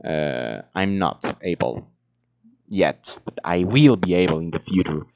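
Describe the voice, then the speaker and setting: Slow, halting man. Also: low voice, lively intonation, vocal fry. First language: Spanish. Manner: halting, searching for words, many fillers. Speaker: language learner vlogger. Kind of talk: casual solo monologue. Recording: dull lo-fi home recording.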